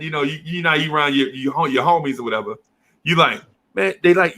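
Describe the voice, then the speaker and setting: A middle-aged man tells a long story in casual talk. His voice is bright and sits a little high. He jumps between quoted voices and keeps dropping in slang. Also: lively intonation, a little fast. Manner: acts out teachers and kids in quoted voices, heavy slang. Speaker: podcast co-host telling a childhood story.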